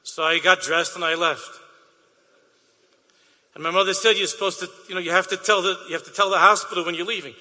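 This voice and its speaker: A man's voice: high-pitched, steady tone, fairly quick, long pauses, pushed and bright, long reverb tail. A man, a rabbi, tells an emotional story to an audience, dropping Yiddish and Hebrew words and repeating his phrases.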